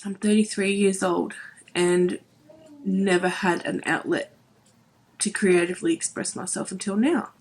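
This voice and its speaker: A woman's voice: medium pitch, fairly even intonation, measured pace, breathy edge. Tearful woman in her thirties. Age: 30s. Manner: emotional, voice wavering near tears; earnest, repeats herself, many "like"s. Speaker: beauty vlogger. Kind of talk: emotional vlog to camera.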